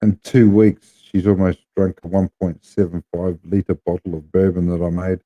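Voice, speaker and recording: A man's voice: sits low, level tone, moderate pace, muffled recording. A man with a New Zealand accent chatting casually to viewers, rambling and blunt as he talks about his gear. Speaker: live streamer.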